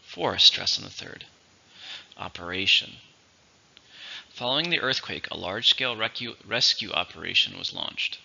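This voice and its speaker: A man giving an English vocabulary lesson, slowly modelling each word's syllables and stress, then reading example sentences. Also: lowish voice, lively intonation, creaky, sharp tone, husky. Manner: slow, deliberate, model pronunciations and example sentences. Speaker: vocabulary teacher. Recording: dull lo-fi recording.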